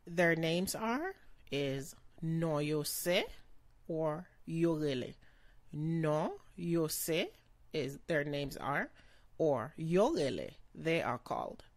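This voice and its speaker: A woman giving a slow vocabulary lesson, pronouncing each word carefully and repeating it. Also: low-pitched, lively intonation, dry recording. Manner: slow, careful pronunciation with repetitions. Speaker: language teacher.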